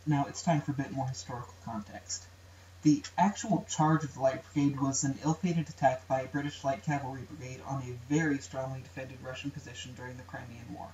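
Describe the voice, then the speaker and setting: A man's voice: medium pitch, steady tone, a little fast, darkish tone. Young man explaining poetry, roomy distant sound. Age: young adult. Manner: plain explanatory delivery, tapping out rhythms aloud. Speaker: student presenter. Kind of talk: educational video narration. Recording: roomy, distant, dull amateur recording with faint hiss.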